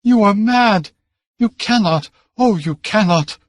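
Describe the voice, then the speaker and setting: A woman's voice: mid-range voice, animated, a little slow, no room sound, pitched above the performer's own voice, natural voice. A man voicing a frantic young noblewoman. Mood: outraged pleading. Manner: crying out in outrage. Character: young noblewoman, desperate, furious, pleading.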